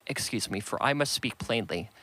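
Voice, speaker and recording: A man's voice: mid-range voice, expressive, normal speed, bright, forceful tone, low-quality recording. A man reading the part of an earnest, sensible young woman in an audiobook, pleading her case.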